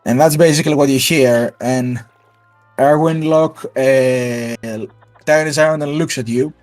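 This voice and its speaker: A man's voice: mid-range voice, steady tone, a little slow, a little mellow, no room sound, soft background music. A man narrating a tabletop role-playing game as game master, descriptive with fillers and asides.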